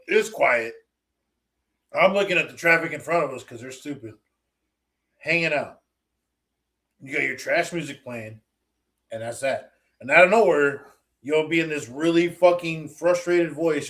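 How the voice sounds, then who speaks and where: A man's voice: on the high side, moderate pace, pauses often, fairly bright tone. A man co-hosting a casual livestream chat, teasing his friends and acting out quoted dialogue with plenty of profanity. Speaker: podcast co-host.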